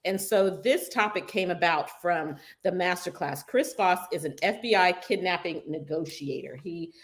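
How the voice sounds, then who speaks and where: A woman's voice: on the low side, moderate pace. A woman co-hosting a radio talk show, chatting in an emphatic way and tagging her points. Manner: chatty, emphatic, tags lines with okay. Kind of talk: casual chat. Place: radio studio.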